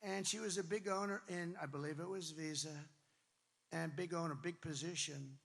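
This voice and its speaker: Gravelly, emphatic man at a rally. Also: fairly high pitch, steady tone, normal speed. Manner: emphatic, repetitive, rambling asides, bursts of shouting. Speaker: political candidate addressing supporters. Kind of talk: campaign rally speech. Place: large rally venue with crowd. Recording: long reverb from a rally venue.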